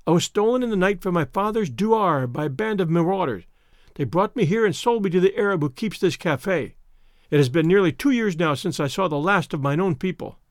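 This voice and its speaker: An eager young captive woman from an old adventure storybook, as a man reads her lines. She talks breathlessly and pleadingly, her voice climbing high and swinging widely. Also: expressive, a little fast, no echo, clean studio sound. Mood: earnest.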